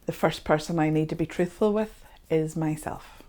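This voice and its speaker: A woman leading a guided tapping session, speaking slow, repetitive affirmations. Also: low voice, mellow.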